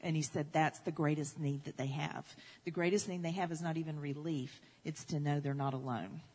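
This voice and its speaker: Husky woman preaching in a reverberant hall. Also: low-pitched, fairly even intonation, fairly quick, mellow. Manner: emphatic, repeating key phrases, building intensity. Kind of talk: sermon storytelling.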